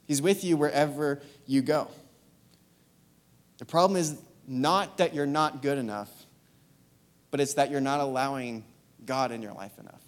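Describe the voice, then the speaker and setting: A man's voice: mid-range voice, unhurried, long pauses. A young man giving a sermon, talking earnestly and casually, with fillers, as he tells a story. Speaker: youth speaker. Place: church hall. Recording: long hall reverb, music behind. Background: soft guitar.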